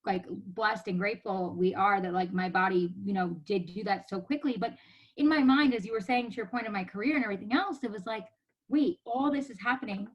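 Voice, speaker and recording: A woman in her thirties, a podcast guest telling a story in casual chat, animated and laughing often as she acts out what others said. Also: mid-range voice, fairly quick, highs cut off.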